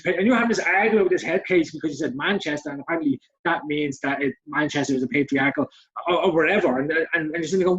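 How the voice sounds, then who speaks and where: A man's voice: fairly high pitch, animated, quick pace. A man in his forties co-hosting a podcast, talking in a heated, sweary way and mocking others in put-on voices. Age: 40s. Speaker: podcast co-host. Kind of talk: casual podcast chat. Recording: dull lo-fi podcast audio.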